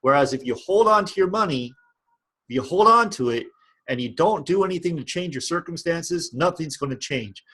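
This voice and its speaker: A man's voice: a little high, expressive, moderate pace, fairly bright tone, husky. A man vlogging about online business, giving a passionate, repetitive motivational rant.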